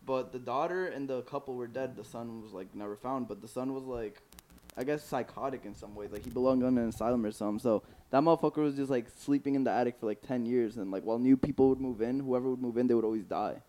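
Fast-talking young man with mellow tone. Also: medium pitch. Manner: fast, excitable retelling of a movie plot. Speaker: podcast co-host. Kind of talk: casual chat.

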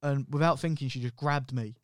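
A man's voice: medium pitch, brisk, dry recording, studio quality. A young man telling a personal story candidly on a podcast, swearing freely and acting out what people said. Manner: candid, swears freely, acts out quoted dialogue. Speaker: podcast co-host. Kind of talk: casual storytelling chat.

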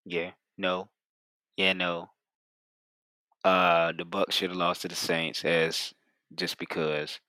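A man co-hosting a casual sports podcast, laid-back and quick to laugh. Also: sits low, little pitch movement, bright, forceful tone, no echo. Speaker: podcast co-host.

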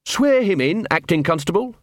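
An earnest, polite young corporal keeps order with calm authority, as a man reads him. His voice sits higher than the narration and moves lively, in a dry close recording. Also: normal speed, dry recording.

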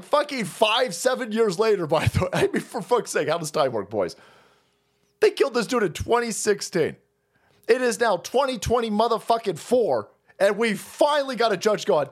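A man ranting on a livestream, foul-mouthed and excitable, laughing between his remarks. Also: high voice, moderate pace. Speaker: streamer.

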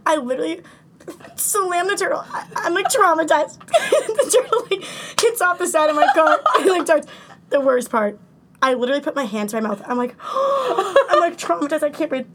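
Woman cohost, really high voice, rambly storytelling, teasing. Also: brisk, a bit bright, slight background noise. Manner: teasing, rambling, with many restarts and fillers. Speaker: podcast co-host. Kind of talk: casual chat, storytelling.

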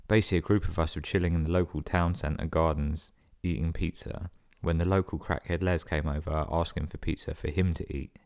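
A man with a very low, deep voice reads listener stories on his podcast. He keeps cutting in with sweary, sarcastic jokes between the sentences. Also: a little mellow. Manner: sweary, sarcastic running commentary. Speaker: podcast host. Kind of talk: reading listener emails with comic asides.

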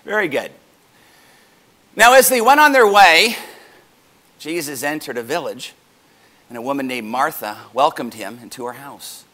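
A man pastor preaching a sermon to his congregation, animated and joking with them as he goes. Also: a little high, a little slow, long pauses.

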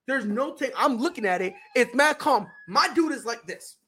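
A young adult woman hosting a sports podcast, telling stories in an animated, slangy way with lots of restarts and tag questions. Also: a little high, normal speed, breathy edge. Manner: animated storyteller, slangy, full of restarts and "right?". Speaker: podcast host. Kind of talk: casual sports chat.

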